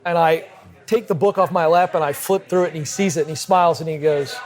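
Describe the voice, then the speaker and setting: A man, a podcast guest, telling a vivid personal anecdote in brisk conversational style at a cigar lounge. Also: on the high side. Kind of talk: animated storytelling in conversation. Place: cigar lounge with a group present.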